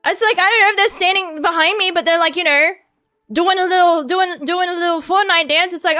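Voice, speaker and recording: A young woman streamer chatting casually, rambling through profane, excitable stories. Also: very high-pitched, fairly quick. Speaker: VTuber streamer.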